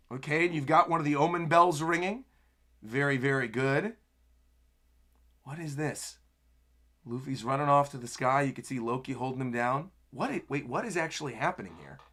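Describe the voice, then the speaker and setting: A young man reacting live to a manga chapter, narrating the panels and breaking into excited exclamations. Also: medium pitch, a little slow. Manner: narrates panels while reading aloud. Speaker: anime streamer.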